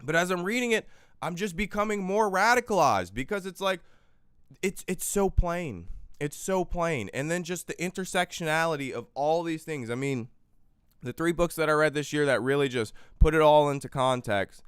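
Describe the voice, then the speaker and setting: A man's voice: on the high side, expressive, normal speed, fairly bright tone, clear, resonant tone, no room sound, studio quality. A man hosting a live podcast in a heated rant, fiery and profane, repeating phrases for emphasis into his microphone. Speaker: livestream podcast host. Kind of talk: heated political livestream rant. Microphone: microphone he yells at.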